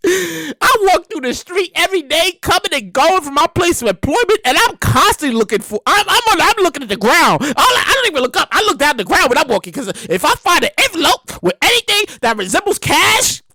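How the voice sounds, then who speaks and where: Woman hosting a podcast, high bright voice swinging all over, loud and excited, keeps repeating herself, dry close sound. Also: quick pace, few pauses, no echo. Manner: animated, exclaiming and repeating herself. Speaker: podcast host. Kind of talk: comedic news commentary.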